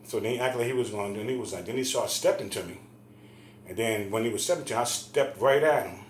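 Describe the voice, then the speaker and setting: A man's voice: medium pitch, lively intonation, fast talker, a little hiss or hum. A middle-aged man heatedly retelling a family fight in a casual, profane rant. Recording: echoey room.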